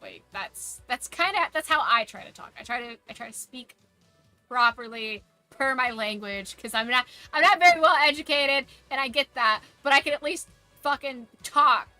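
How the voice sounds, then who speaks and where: A woman's voice: high-pitched, moderate pace, bright, forceful tone, faint music behind. A woman streamer chatting casually while gaming, opinionated and ranting, swearing freely.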